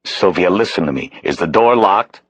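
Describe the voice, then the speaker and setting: A commanding police detective, voiced by a male narrator close to his own voice, firm and urgent. The voice sits very low and husky on a dry, close read. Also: lively intonation, moderate pace.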